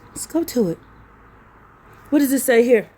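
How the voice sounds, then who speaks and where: A woman's voice: fairly high pitch, expressive, normal speed, dark tone. A woman preaching a fervent, scolding sermon, reading scripture aloud and crying out as she repeats her phrases. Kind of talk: impassioned street-style sermon with scripture reading.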